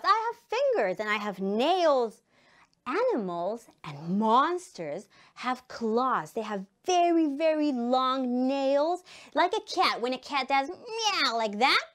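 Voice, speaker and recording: A woman with an Israeli accent, an English teacher giving a slow, emphatic lesson to young children and enunciating words for them to repeat. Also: on the high side, a bit bright. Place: studio.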